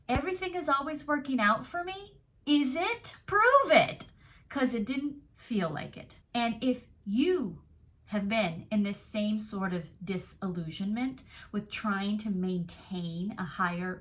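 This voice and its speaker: A woman's voice: a little high, fairly bright tone. A young adult woman coach giving an earnest, reflective self-help talk straight to the viewer. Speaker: manifestation coach.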